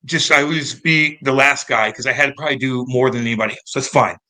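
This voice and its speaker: A man in his thirties from St. Louis, a former pro hockey player telling stories in a casual, animated and profane interview. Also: medium pitch, quick pace. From St. Louis, United States. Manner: animated, profane, acts out quoted voices.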